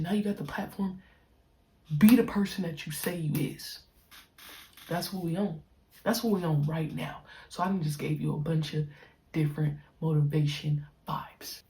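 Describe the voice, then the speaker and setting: Young woman podcaster, deep low voice, laid-back slangy monologue, drags out words. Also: steady tone, mellow. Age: young adult. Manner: slangy, stretches key words slowly. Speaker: podcast host, pro basketball player. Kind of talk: casual reflective monologue.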